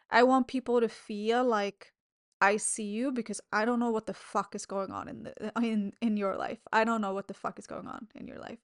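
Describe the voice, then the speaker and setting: A woman's voice: fairly high pitch, moderate pace, no echo, clean studio sound. A woman hosting her own podcast in a candid, chatty monologue, swearing freely and laughing between thoughts. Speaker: podcast host. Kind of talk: casual solo podcast monologue.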